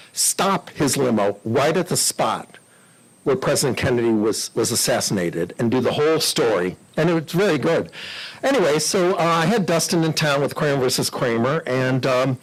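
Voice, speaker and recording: An older man with a husky voice spins easygoing anecdotes for a club audience. He talks in a chatty, animated way and slips into the voices of the people in his stories. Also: on the high side, rough recording. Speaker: guest speaker at a club meeting. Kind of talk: anecdotal storytelling talk.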